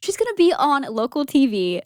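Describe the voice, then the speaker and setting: A woman's voice: high voice, very animated, normal speed, no echo, clean studio sound. A young woman co-hosting a podcast, recapping a movie in casual chat, giggling and acting out lines. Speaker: podcast co-host.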